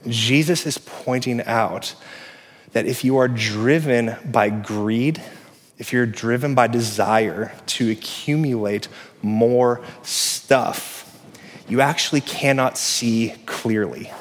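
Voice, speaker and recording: A man in his thirties preaching a sermon as a pastor, telling stories conversationally and growing louder and animated on his key points. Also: mid-range voice, slow. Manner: conversational, animated storytelling, swells louder on emphasis. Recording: long reverb of a large hall.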